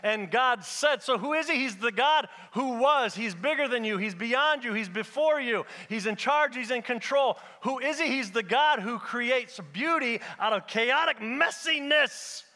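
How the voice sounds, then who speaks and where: A man with a high-pitched, squeaky voice preaching a sermon, speaking to the congregation directly in rhythmic, repeated phrases with touches of humor. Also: lively intonation, unhurried, hardly any pauses, bright, forceful tone, in a large hall.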